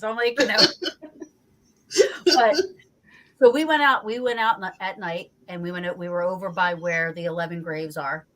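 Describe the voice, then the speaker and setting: A woman from New Jersey, a guest on a talk show, telling a story in a lively, casual way, acting out her own reactions and swearing freely. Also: mid-range voice, moderate pace. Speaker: guest investigator.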